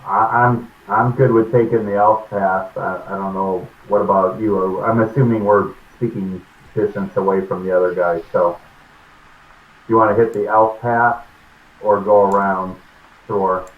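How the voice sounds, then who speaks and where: Deep voiced guy playing a tabletop game, rambly, sounds like a phone call in an echoey room. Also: steady tone, a little slow. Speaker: player. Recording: tinny echoey call audio.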